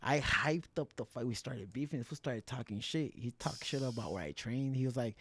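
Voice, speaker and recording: A young man from South Central Los Angeles, a fighter telling animated, profane stories as a podcast guest and slipping in Spanish words. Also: medium pitch, fairly quick, breathy edge, no echo. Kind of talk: casual podcast storytelling.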